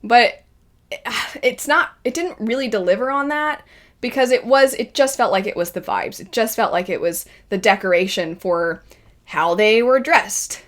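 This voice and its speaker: A woman reviewing a series in a casual spoken style, lively and acting out her own quoted reactions. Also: on the high side, a little slow. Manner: animated, acts out quoted reactions. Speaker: video reviewer.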